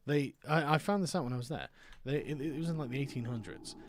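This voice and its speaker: A man's voice: medium pitch, fast talker, no echo. A man, streaming and chatting casually, reading text aloud and riffing on it with sardonic mock outrage. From Britain. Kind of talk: casual chat while gaming and reading aloud.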